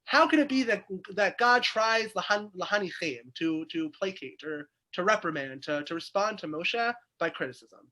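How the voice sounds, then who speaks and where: A rabbi on a video call gives his weekly Torah lesson, an animated text study where he reasons through questions aloud. The voice sits high and bright with a forceful tone and lively intonation, moving at normal speed with few pauses.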